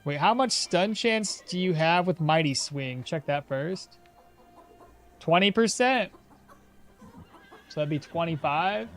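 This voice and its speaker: A man's voice: on the high side, animated, slow pace, pauses often, a bit bright. A man streaming a game, chatting with his viewers, thinking aloud and laughing often. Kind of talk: casual live-stream commentary.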